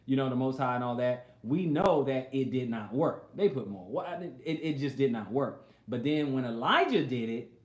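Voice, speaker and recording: A man's voice: mid-range voice, a little mellow. A man preaching a sermon, reading scripture aloud and then retelling it in everyday speech, sometimes acting out the people in the story. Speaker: pastor. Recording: roomy echo.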